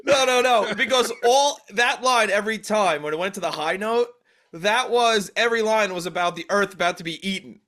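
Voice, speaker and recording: A man's voice: high-pitched, moderate pace, pushed and bright. A man hosting a podcast, chatting casually and joking about his own song. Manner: laughing, joking explanations. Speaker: podcast host and songwriter. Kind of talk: casual chat.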